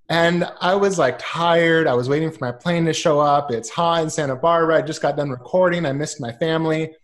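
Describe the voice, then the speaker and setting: A man's voice: on the high side, normal speed. A man in his thirties chatting as a podcast guest, telling stories with lots of ums and acting out what others said. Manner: animated, acts out quoted voices, many ums. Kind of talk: casual storytelling chat.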